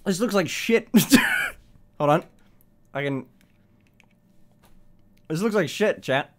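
A young man hosts a live stream, speaking slowly in an animated, fairly bright voice. His casual chat rambles and swears often, broken up by giggles and high-pitched laughs.

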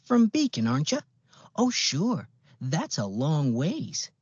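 A man's voice: fairly high pitch, wildly swooping pitch, slow pace, a little mellow, slightly rough, no room sound, voice pushed up, full character voice. A man voicing a small, chatty school receptionist with an old-fashioned Midwestern accent and a folksy manner. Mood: chirpy. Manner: folksy, chirpy. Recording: dull, dry lo-fi recording.

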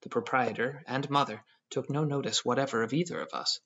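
A man narrating an audiobook in a measured storytelling manner. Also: medium pitch, a bit bright, breathy edge. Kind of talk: scripted narration. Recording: dull lo-fi audio.

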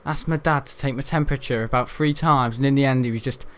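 A man's voice: medium pitch, fast, clear, resonant tone. A young man, rambling in casual commentary over a video game, swearing mildly now and then. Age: young adult. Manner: chatty and rambling, frequent mild swearing. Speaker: gaming YouTuber.

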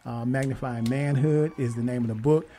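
A man hosting a radio talk show, telling a story with lively, emphatic quoted dialogue. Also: medium pitch, moderate pace, slight background noise. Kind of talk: casual storytelling and interview.

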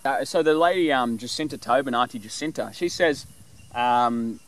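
A man's voice: medium pitch, moderate pace, a little hiss or hum. A man explaining animal calls in a loose, rambling way, breaking now and then into bird imitations. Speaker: presenter teaching animal call mimicry. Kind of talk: casual explanatory talk.

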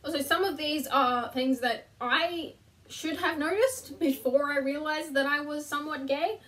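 A woman's voice: sits high, a little slow, fairly bright tone, recorded from a distance. A young woman chatting casually to camera from her bedroom floor, self-deprecating and laughing at herself. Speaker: vlogger. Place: bedroom, sitting on the floor between two beds.

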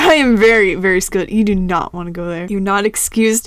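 A woman hosting a gaming channel, giving playful, sarcastic gameplay commentary with sudden excited outbursts. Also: mid-range voice, moderate pace, hardly any pauses, a little hiss or hum.

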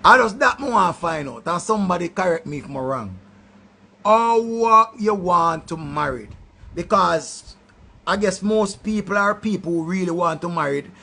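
A man with a Jamaican accent ranting loudly in a commentary, throwing insults in patois. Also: high voice, animated, normal speed, vocal fry, husky. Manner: loud, insulting rant in patois. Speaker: online commentator.

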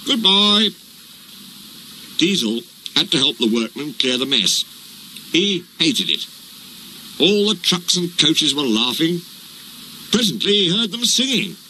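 A man reading a children's train story aloud in an even, unhurried manner. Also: fairly high pitch, a little hiss or hum, low-quality recording.

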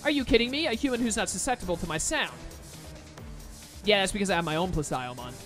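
A man's voice: high-pitched, animated, quick pace, fairly bright tone, soft background music. A man voicing a haughty, mocking sea-creature monster in a video game, read aloud in his own voice. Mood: taunting.

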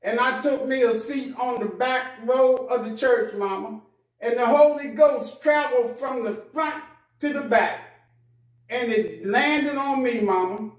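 A preacher plays a reformed prodigal son, eager and earnest, his voice pitched high. It is heard from some distance with a roomy echo. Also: unhurried. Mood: joyful. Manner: excited, earnest.

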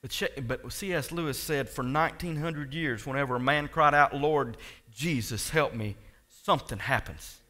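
A male pastor preaching a sermon, swinging between quiet asides and loud, impassioned lines and talking directly to his congregation. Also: fairly high pitch, normal speed.

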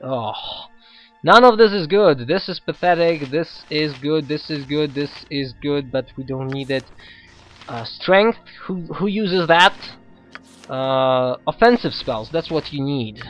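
Hesitant non-native English-speaking gamer. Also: male voice, on the high side, expressive, unhurried, a bit bright, highs cut off, soft background music. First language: not English. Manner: hesitant, many fillers and restarts, reads on-screen text aloud. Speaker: let's play host. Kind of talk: casual gameplay commentary.

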